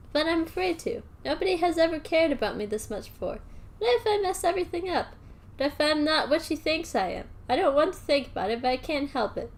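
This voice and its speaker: A woman voicing a shy, anxious teenage boy in her fan fiction, soft and hesitant. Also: sits high. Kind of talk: reading fan fiction aloud.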